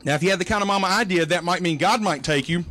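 High-voiced man preaching with folksy humor. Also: quick pace, bright, forceful tone. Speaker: pastor. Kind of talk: sermon.

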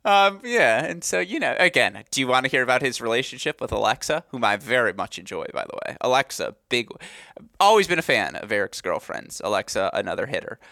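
Young man, podcast co-host, rambling and jokey, bright tone, dry close sound. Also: medium pitch, very animated, brisk, vocal fry, dry recording. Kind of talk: casual podcast chat.

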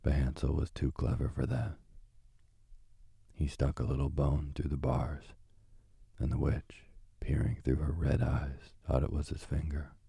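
A man reading a fairy tale aloud as a calm bedtime sleep story, slow and soothing. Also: very deep voice, gravelly, husky, no room sound, studio quality.

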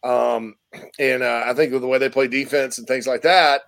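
A man's voice: medium pitch, steady tone, moderate pace, creaky, a bit bright. A man hosting a sports talk show, chatting casually and rambling with many fillers.

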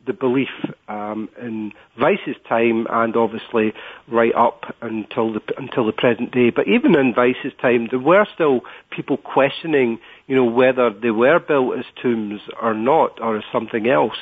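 A Scottish man talking as a guest, his voice in a middle register and thin, squeezed through a narrow phone line. He gropes for words, stacking up little fillers before each point. Then he lands his point steadily. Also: mid-range voice. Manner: hesitant, many filler words. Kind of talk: interview over the phone.

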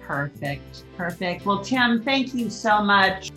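A woman hosting a podcast interview, unhurried and affirming. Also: mid-range voice, lively intonation, over loud music. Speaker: podcast host.

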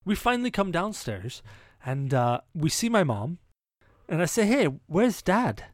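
Laughing, fumbling podcast host. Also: male voice, on the high side, sing-song, normal speed, dry recording. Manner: laughs often, stumbles and repeats words when starting a thought. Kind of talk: casual storytelling.

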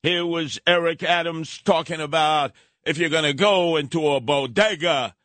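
An older man, hosting talk radio in a combative, sarcastic rant with theatrical swings of pitch. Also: moderate pace, a bit bright, dry recording.

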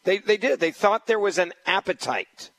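A man's voice: high voice, lively intonation, moderate pace, fairly bright tone, no room sound, low-quality recording. A man hosting a political talk radio show, delivering a combative, emphatic monologue and repeating his points. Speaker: fill-in radio talk host.

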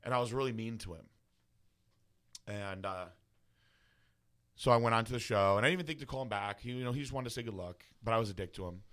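Male guest, deep voice, candid profane personal story. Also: quick pace, long pauses, fairly bright tone. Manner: casual, profane, heavy use of filler words. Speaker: guest bodybuilder.

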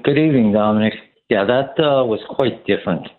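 A man calling into a talk radio show, indignant and critical, speaking in halting bursts. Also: fairly low pitch, a little hiss or hum. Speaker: caller. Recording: tinny phone line.

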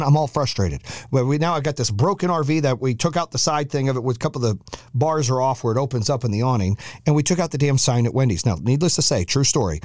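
Brief: male host, mid voice, animated and profane storyteller, dry room. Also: medium pitch, quick pace, no echo. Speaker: podcast host. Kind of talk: storytelling monologue.

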